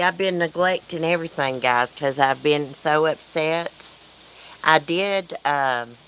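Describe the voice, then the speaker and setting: Southern US woman, low register, rambling casual livestream host who chats back to her viewers. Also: fairly bright tone, clear, resonant tone, rough recording. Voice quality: chatty, rambling, answers chat comments aloud. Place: outdoors at home, windy.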